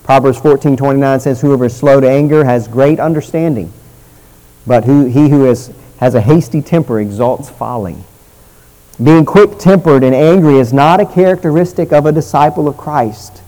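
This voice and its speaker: A man delivering a sermon with a mellow, warm voice at a middle pitch. He teaches earnestly and slows down on key phrases. His sentence endings trail off softly. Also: poor audio. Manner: earnest teaching tone, slows for emphasis, drops soft at phrase ends. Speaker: preacher.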